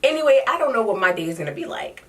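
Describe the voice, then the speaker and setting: A woman's voice: a little high, big pitch swings, rapid-fire, a bit bright, recorded from a distance. A young woman telling a travel story in a sassy, dramatic, slangy way. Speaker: vlogger. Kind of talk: casual storytime vlog.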